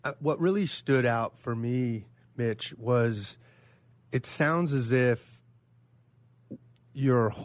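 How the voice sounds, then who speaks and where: A man's voice: mid-range voice, very slow, pauses often, no echo. A man co-hosting a podcast, asking long, hesitant questions with many restarts. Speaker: co-host. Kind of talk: casual interview chat.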